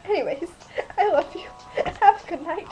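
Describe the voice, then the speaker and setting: A woman's voice: very high voice, lively intonation, normal speed, mellow, lo-fi sound. A woman recording a hyper, giggly, gushing webcam message to a friend on a built-in webcam mic.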